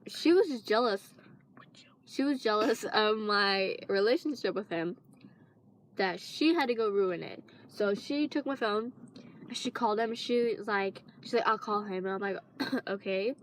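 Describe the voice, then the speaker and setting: A woman's voice: medium pitch, unhurried, slight background noise. A teenage girl casually telling a long personal story, rambling with lots of fillers and restarts. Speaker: vlogger.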